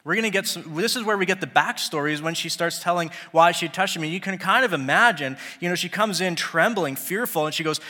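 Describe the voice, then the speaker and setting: A man's voice: high-pitched, lively intonation, brisk, hardly any pauses, bright, forceful tone. A man preaching a sermon, who talks casually and acts out the people he quotes. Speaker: pastor. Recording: long hall reverb.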